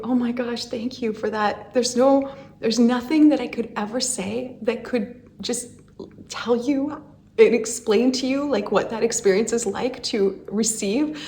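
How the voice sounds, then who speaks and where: A woman's voice: a little high, a little mellow. A woman channeling a spiritual message, rambling with many fillers and breaking into chanted syllables, emotional, laughing and crying at once. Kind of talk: channeled light language transmission.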